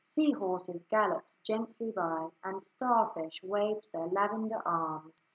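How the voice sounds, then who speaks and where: A woman reading a children's picture book aloud, slow and expressive. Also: medium pitch. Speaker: story reader. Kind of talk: children's story read-aloud. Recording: echoey room.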